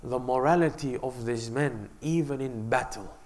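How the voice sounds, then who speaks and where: A male preacher narrating a religious story in a sermon, in an earnest, measured storytelling manner. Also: mid-range voice, a little mellow.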